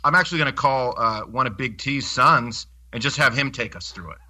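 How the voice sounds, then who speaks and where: A man's voice: medium pitch, fairly quick, sharp tone. A man who is a pastor, co-hosting a casual podcast with wry, teasing banter.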